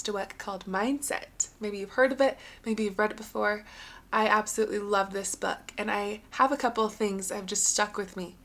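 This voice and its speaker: A young adult woman hosting a solo podcast, talking in an earnest, encouraging, conversational way. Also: medium pitch. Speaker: podcast host.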